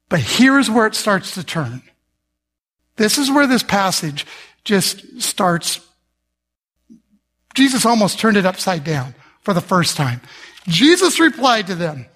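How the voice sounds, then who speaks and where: A middle-aged male pastor preaching a sermon, telling the story with humor and acting out the people in it, and rising to shouts for emphasis. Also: sits high. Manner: animated storyteller, acts out voices with humor.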